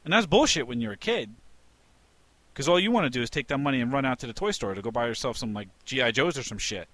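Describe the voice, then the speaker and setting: A man's voice: medium pitch, expressive, fast talker, fairly bright tone, no echo. A man co-hosting a casual podcast, talking emphatically, swearing freely and restarting his sentences. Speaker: podcast co-host. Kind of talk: casual banter.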